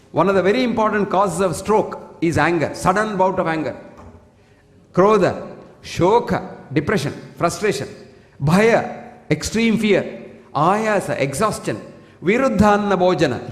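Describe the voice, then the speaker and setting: Emphatic Indian man lecturing in a hall. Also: a little high. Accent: Indian English. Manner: emphatic, preachy, recites Sanskrit verses. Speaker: doctor giving a health lecture. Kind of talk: public health lecture. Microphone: single fixed stand mic. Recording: echoey hall with long reverb.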